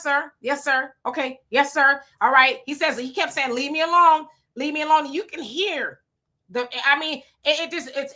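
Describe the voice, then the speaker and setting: A woman hosting a casual livestream, reading viewer comments and answering them in an animated, preachy way. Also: sits high. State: sweating.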